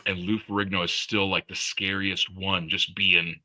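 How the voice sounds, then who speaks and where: Host guy, lowish voice but really bright and sharp, loose chatty talk full of likes. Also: flat delivery, normal speed, low-quality recording. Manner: loose, filler-heavy, swears. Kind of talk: casual chat on a live stream.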